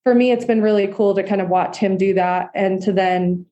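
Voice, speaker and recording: Woman guest, home builder, mellow warm tone, earnest steady delivery. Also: mid-range voice, normal speed, highs cut off. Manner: earnest, steady explaining with fillers. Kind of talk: casual interview answers.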